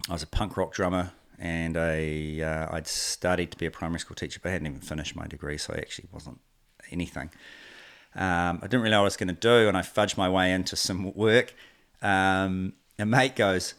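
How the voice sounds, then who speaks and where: This interview guest, a company co-founder in his forties, has a New Zealand accent and a low voice that runs a little fast. His storytelling is casual and meandering, with quoted dialogue acted out along the way.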